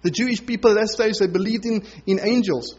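A man's voice: sits high, brisk, darkish tone, breathy edge, highs cut off. A male pastor giving a conversational sermon, acting out the voices of the people he quotes.

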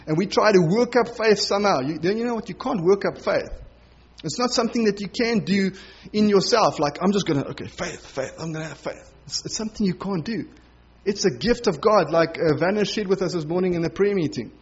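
A man's voice: sits high, a little fast, breathy edge, dull audio. A male pastor giving a conversational sermon, acting out the voices of the people he quotes.

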